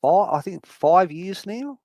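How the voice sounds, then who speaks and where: Casting: a man with a raised voice, animated and foul-mouthed storyteller, close dry sound. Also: sits high, takes it slowly, dry recording, lo-fi sound. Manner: animated, swears a lot, acts out his cat's voice. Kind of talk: casual storytelling.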